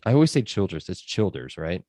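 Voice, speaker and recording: A man's voice: low voice, big pitch swings, fairly quick, dark tone, no room sound, clean studio sound. A man hosting a casual sports podcast, chatty and loose with lots of fillers. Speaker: podcast host.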